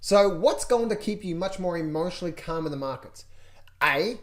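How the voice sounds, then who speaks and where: Speaking directly to viewers, a trading coach goes over charts in a high, animated voice at a moderate pace. His delivery is energetic and full of repetition, and now and then he mimics panicking traders.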